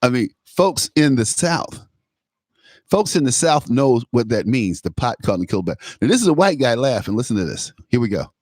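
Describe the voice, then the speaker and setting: A man's voice: medium pitch, very animated, normal speed, a little mellow, dry recording, clean studio sound. A man hosting a talk show, giving a political commentary monologue, emphatic and repetitive, often laughing at his own remarks.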